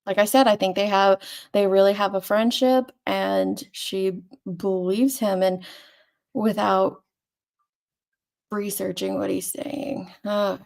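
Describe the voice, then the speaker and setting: Gravelly chatty woman host. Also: medium pitch, fairly even intonation, takes it slowly, a little mellow. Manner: chatty, laughing often. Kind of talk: casual commentary chat.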